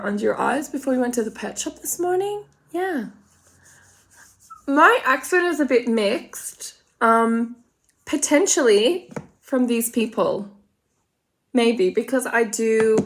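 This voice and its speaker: A woman's voice: a little high, vocal fry. An Australian woman chatting casually and rambling through a makeup tutorial, full of gossipy asides. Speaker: makeup vlogger.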